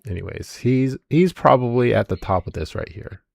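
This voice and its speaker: A man's voice: mid-range voice, expressive, moderate pace, vocal fry, darkish tone, no echo. A man running a tabletop game as game master, rambling and searching for words as he describes the action.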